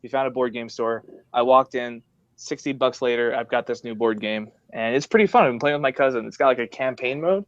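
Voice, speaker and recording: Here a man co-hosts a laid-back podcast, speaking a little fast in a mid-range voice and performing the characters in his anecdotes. There's no echo, and the sound is dry, dull, and lo-fi.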